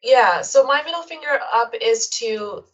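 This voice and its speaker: A woman's voice: fairly high pitch, unhurried, highs cut off. A woman guest on a podcast, chatting casually and acting out the dialogue of a story she tells with animation. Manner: animated, acts out quoted dialogue.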